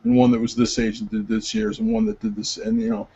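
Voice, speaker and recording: A man's voice: fairly low pitch, quick pace, husky. A man co-hosting a casual podcast chat, rambling with lots of filler words as he tells stories. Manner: rambling, many filler words, animated retelling. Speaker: podcast co-host. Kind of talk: casual chat about movies. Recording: dull lo-fi sound.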